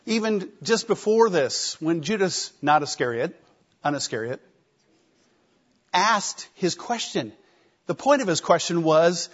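A man preaching a sermon, emphatic, with rhetorical questions and shifting loudness. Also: on the high side, very animated, a little slow, pauses often. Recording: slightly dull lo-fi recording.

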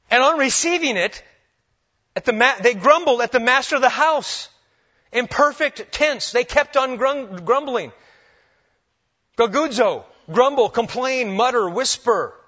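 A man preaching a sermon, swinging between loud emphasis and hushed, humorous asides. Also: high voice. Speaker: pastor. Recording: dull lo-fi recording.

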